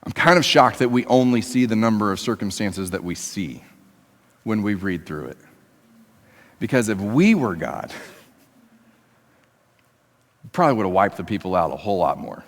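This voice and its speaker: A man preaching a sermon in a church, talking to the congregation conversationally and moving between emphatic raised passages and quiet, low ones. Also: expressive, moderate pace, pauses often. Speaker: pastor. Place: church sanctuary. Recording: long reverb of a church hall.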